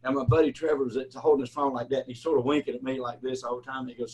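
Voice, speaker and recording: A man's voice: medium pitch, flat delivery, very fast, a little mellow, poor audio. Male host who stammers and rambles. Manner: rambling, stammering restarts, storytelling. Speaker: podcast host. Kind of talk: casual interview chat.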